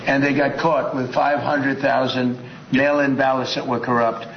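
A man's voice: mid-range voice, level tone, moderate pace. A man speaking emphatically, rambling through lists and repeating his points. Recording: roomy, dull sound with faint noise.

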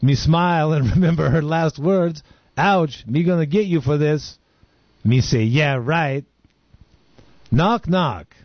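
A man's voice: a little high, slow, pauses often, no room sound. A man playing a dim-witted male caveman comedian who tells jokes in broken caveman grammar. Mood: deadpan jokey. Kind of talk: comedy sketch stand-up bit. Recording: dull lo-fi recording.

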